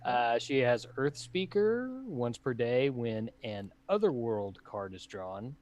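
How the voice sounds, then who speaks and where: A relaxed man co-hosts a live board game session in easy banter and reads out card text. His voice sits at an ordinary pitch for a man. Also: slow pace. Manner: relaxed, laughs easily. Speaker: board game show co-host.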